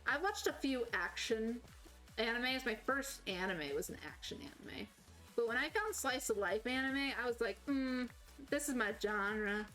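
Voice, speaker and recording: A woman's voice: fairly high pitch, lively intonation, moderate pace, bright, forceful tone, soft background music, low-quality recording. A woman with a slight Southern US accent, chatting casually and rambling as a game streamer. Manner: rambling, self-correcting, chatty. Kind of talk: casual chat while playing.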